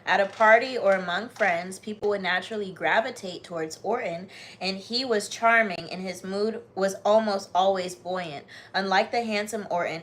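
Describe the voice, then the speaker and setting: An American woman hosting a livestream, reading a book aloud with steady emphasis and breaking into bubbly, chatty asides to her viewers. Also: medium pitch, a little hiss or hum. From United States. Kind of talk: reading aloud to live viewers, with casual chat.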